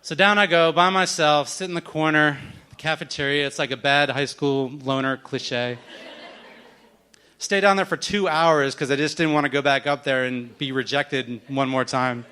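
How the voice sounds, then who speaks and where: A man in his thirties tells a wry, self-deprecating story on stage, slipping into the voices of the people he met. His voice is bright and forceful, a little higher than most men's, and it stays crisp throughout. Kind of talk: live storytelling. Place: on stage at a live event.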